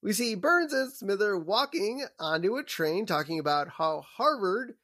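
A man co-hosting a podcast, recapping a cartoon episode in casual chat with animated, storytelling delivery. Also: high voice. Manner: animated storytelling, quick asides. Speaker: podcast co-host.

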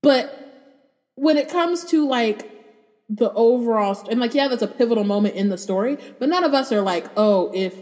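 A woman co-hosting a podcast in casual chat, rambling and animated, with many "like"s. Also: fairly high pitch, moderate pace. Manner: filler-heavy, rambling, animated. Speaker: podcast co-host. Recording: long hall reverb.

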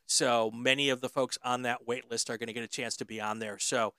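Bright, crisp-voiced male podcast host. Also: mid-range voice, little pitch movement, brisk, no room sound. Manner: hesitant, lots of ums and uhs. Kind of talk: casual interview chat.

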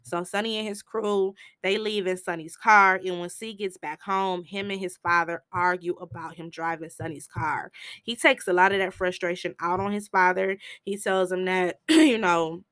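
A woman with a fairly low voice retells a film scene by scene in a loose, chatty podcast style. She swears freely and leaps into high, animated voices for the quotes. The sound is close and dry, with no room around it. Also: moderate pace, smooth, dry recording. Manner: animated storyteller who jumps into high voices to act out quotes; blunt, swears casually, relaxed slang. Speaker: podcast host reviewing a film. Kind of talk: casual movie recap.

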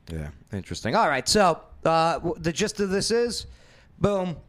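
A man hosting a casual opinion talk show, blunt and jokey, animated and fond of asides. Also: a little high, unhurried.

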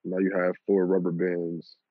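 A young man casually telling a personal story, animated and swearing and laughing at himself. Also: deep voice, normal speed, no echo. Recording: lo-fi phone-like audio.

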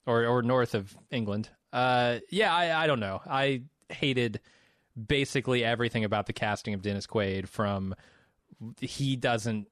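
A man's voice: medium pitch, unhurried, a bit bright, no echo, clean studio sound. A man co-hosting a casual film review podcast, wry and opinionated. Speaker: podcast co-host. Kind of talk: casual movie review chat.

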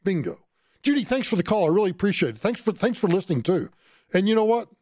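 A middle-aged man hosting a call-in radio show, talking in an excitable way and often stammering as he repeats words. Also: high voice, quick pace, no room sound, clean studio sound. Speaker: radio talk show host. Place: radio studio. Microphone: studio microphone.

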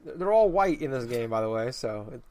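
A man's voice: mid-range voice, expressive, a little fast, darkish tone, smooth. A man hosting a casual chat, rambling through an explanation with lots of false starts and restarts.

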